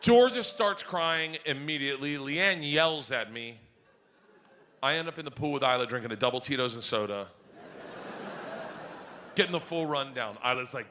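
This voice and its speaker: A man's voice: medium pitch, expressive, normal speed, long pauses, pushed and bright, a little hiss or hum. A middle-aged man doing rowdy, profane stand-up storytelling on a comedy stage.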